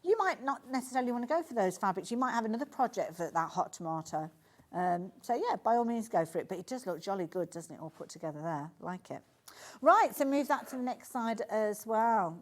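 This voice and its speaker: A woman's voice: on the high side, a little mellow. A woman with a Birmingham accent presenting sewing products on a live shopping channel, chatty and enthusiastic with lots of asides. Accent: Birmingham (Brummie). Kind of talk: live TV sales demonstration.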